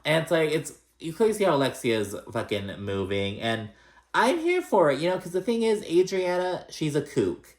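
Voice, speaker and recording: A man's voice: fairly high pitch, big pitch swings, normal speed. A man giving a casual, gossipy reality TV recap, chatty and profane with plenty of fillers. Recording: roomy echo.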